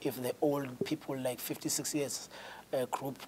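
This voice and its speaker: South African group member, hesitant, stammering interview answers. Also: male voice, mid-range voice, steady tone, normal speed, darkish tone, a little hiss or hum, poor audio.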